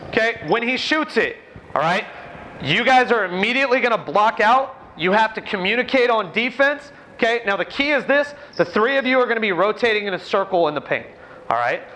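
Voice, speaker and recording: A man running a basketball coaching clinic in a gym, giving brisk, commanding drill instructions to players and explaining the ideas to coaches. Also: high-pitched, animated, pushed and bright. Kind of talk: on-court coaching demonstration. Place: indoor gym.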